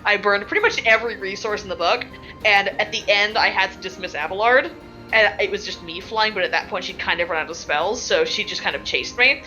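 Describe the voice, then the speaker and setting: Bright-voiced woman rambling through a game recap. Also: mid-range voice, fairly quick, dull audio, faint music behind. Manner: rambling, laughing, lots of filler words. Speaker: tabletop game player. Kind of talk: casual recap of a game session.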